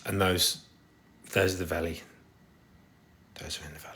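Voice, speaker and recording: A man's voice: sits low, fairly even intonation, normal speed, sharp tone, slight background noise. An English man chatting casually on a livestream, reading the comments and rambling with a self-deprecating humor. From England.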